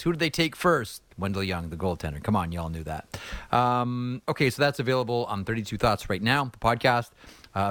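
A man hosting a sports podcast, wrapping up the show in a relaxed, chatty way with many fillers. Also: lowish voice, no echo. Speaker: podcast host. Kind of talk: show wrap-up monologue.

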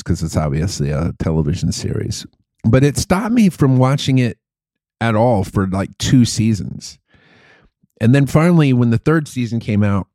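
A man's voice: fairly low pitch, mellow, dry recording, studio quality. A man co-hosting a casual chat, rambling loosely and laughing at his own bits.

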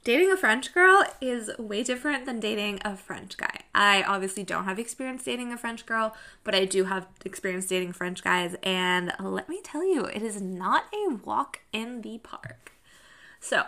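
A young woman from Mexico hosting a podcast, talking in a chatty, animated, self-deprecating way. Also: mid-range voice, moderate pace. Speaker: podcast host. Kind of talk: casual monologue.

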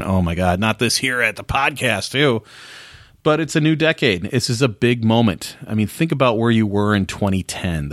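A man with a fairly low voice hosts a casual solo podcast. He talks to his listeners conversationally and leans on rhetorical questions. The sound is dry and close. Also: dry recording. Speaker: podcast host.

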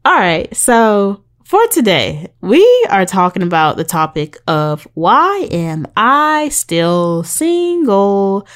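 A woman's voice: mid-range voice, very animated, a little slow. A young woman hosting a casual faith-based podcast, chatty and preachy, with sarcastic asides. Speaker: podcast host.

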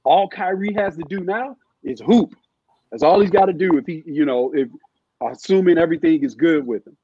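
A middle-aged man talking basketball as a podcast guest, halting and restarting often with many fillers. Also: on the high side, husky, dry recording, highs cut off. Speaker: guest, former NBA scout. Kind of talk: casual podcast chat.

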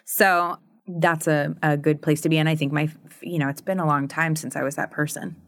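A woman in her thirties speaks in a low, candid voice on a podcast. She chats with frequent laughs and many fillers, and the close recording sounds dry. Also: steady tone, normal speed, dry recording. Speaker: podcast co-host. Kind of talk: casual conversation.

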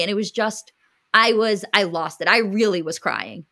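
A woman's voice: mid-range voice, expressive, moderate pace, bright, forceful tone. A young woman co-hosting a podcast, telling a story in a casual, emotional, rambling way with many fillers. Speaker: podcast co-host. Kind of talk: casual chat.

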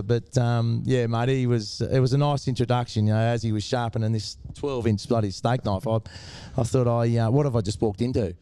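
Laid-back Aussie bloke, mellow voice. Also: male voice, mid-range voice, steady tone, fairly quick, hardly any pauses, smooth. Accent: Australian. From Tasmania, Australia. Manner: laid-back, says mate a lot. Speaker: guest, former cricketer. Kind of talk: casual interview storytelling.

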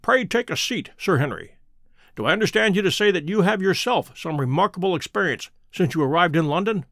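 A man voicing a keen, self-assured detective who speaks crisply and precisely, in a dry close recording. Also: sits high, lively intonation, brisk, fairly bright tone, no echo. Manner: crisp, precise and pleased with himself.

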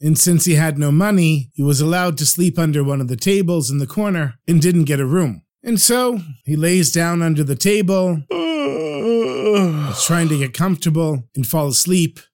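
High-voiced man telling a story. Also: normal speed. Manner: animated, conversational retelling with acted quotes. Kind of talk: storytelling narration.

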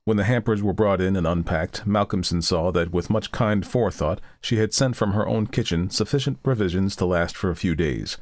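A man narrating a storybook in a steady, measured reading. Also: low-pitched, no echo, clean studio sound. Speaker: audiobook narrator. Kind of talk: scripted narration.

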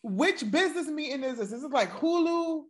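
Loud blunt new lady on a podcast, high voice that jumps all over. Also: animated, normal speed, slight background noise. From New York. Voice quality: blunt and brash, talks back hard. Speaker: podcast co-host. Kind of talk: casual chat.

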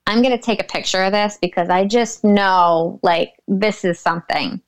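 A young woman with a smooth, clear voice tells her story as a guest in a casual conversation. She is animated, acts out what other people said and laughs often. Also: mid-range voice, moderate pace. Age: young adult. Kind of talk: casual chat.

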